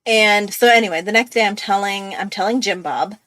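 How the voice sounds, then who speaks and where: A woman's voice: mid-range voice, fairly quick, fairly bright tone, dry recording. A young woman telling a long, rambling story in casual chat on her art channel, with many fillers and restarts. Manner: chatty, rambling, full of fillers. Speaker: art YouTuber.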